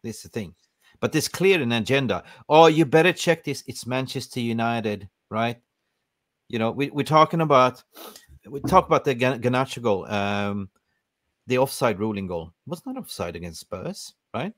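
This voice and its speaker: A man's voice: medium pitch, lively intonation, normal speed, a bit bright, dry recording, clean studio sound. A man hosting a football podcast, ranting emphatically in casual chat. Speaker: podcast host.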